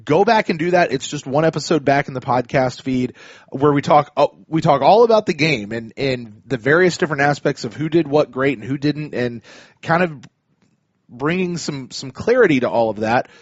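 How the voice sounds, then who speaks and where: A man's voice: a little high, expressive, normal speed, husky, dry recording, highs cut off. A man hosting a casual sports podcast, chatty and full of restarts. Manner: chatty, many restarts and fillers. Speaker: podcast host.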